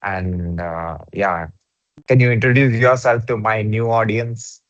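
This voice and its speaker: A man hosting a podcast interview with a fairly low voice. He pauses and hesitates a lot, filling the gaps with "uh". The recording is muffled and dry, with no room echo. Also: steady tone. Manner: hesitant, many uh fillers. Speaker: podcast host. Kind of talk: interview questions.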